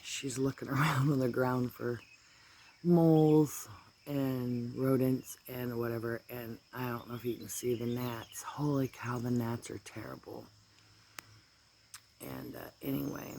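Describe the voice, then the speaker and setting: Gravelly, allergy-stuffy man chatting outdoors. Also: medium pitch, steady tone, a little slow, a little mellow, slight background noise. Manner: rambling, easygoing, drifts into asides. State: congested from allergies. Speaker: vlogger. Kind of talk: casual chat. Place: outdoors in a garden.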